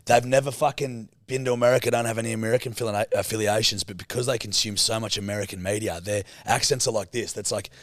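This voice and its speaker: A man's voice: fairly low pitch, fairly even intonation, fast talker, few pauses, no echo, clean studio sound. An Australian man co-hosting a podcast, teasing and swearing freely in casual banter. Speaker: podcast co-host.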